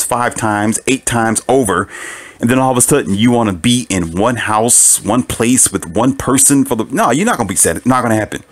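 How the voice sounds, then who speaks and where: With a mid-range voice, a man gives a casual monologue of relationship advice aimed at listeners. He comes across as animated and preachy, often chuckling at his own points and heaping up rhetorical questions.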